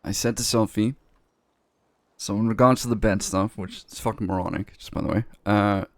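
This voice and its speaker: A man's voice: lowish voice, fairly even intonation, normal speed, dry recording, lightly acted. Man as a blunt, profane boss, not a native English speaker, dry close sound, defends himself. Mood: defensive. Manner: profane, blunt, self-justifying, restarts words. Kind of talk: in-character role-play talk.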